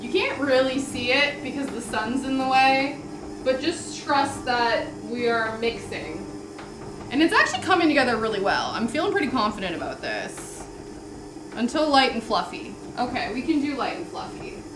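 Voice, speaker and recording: A young Canadian woman chats casually and giggles while baking in her home kitchen for a vlog, rambling through asides. Her fairly high, animated voice moves at a moderate pace in an echoey room with background music and noise.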